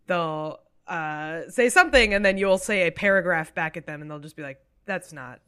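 A woman co-hosts a podcast in easy conversation, and her voice has a bright, forward edge. She talks quickly with self-deprecating humor and laughs often. She swears offhandedly as she riffs on everyday annoyances. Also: lowish voice, clean tone. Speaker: podcast co-host. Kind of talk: casual chat.

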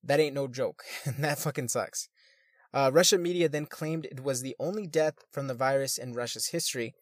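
A man's voice: medium pitch, normal speed, no echo, studio quality. A man reading news articles aloud and adding crude, swearing comments between them, sometimes stumbling over words.

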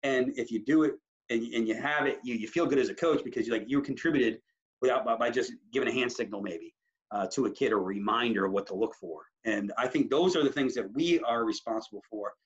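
A man, a high school basketball coach, talking animatedly in a casual interview, rambling with many restarts. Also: fast. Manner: animated, rambling, full of restarts and self-quotes. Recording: slightly muffled audio.

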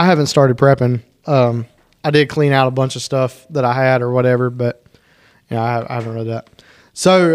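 A man talks in a fairly high voice as he hosts a relaxed podcast. He tells his stories with plenty of energy and breaks into laughter often. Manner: animated storyteller, laughs often. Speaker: podcast host. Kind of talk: casual chat.

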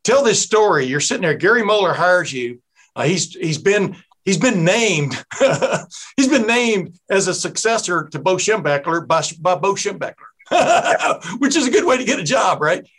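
Chatty host from East Texas. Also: male voice, sits high, big pitch swings, normal speed, a bit bright, husky. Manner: chatty, digressive, laughs easily. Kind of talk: casual podcast interview.

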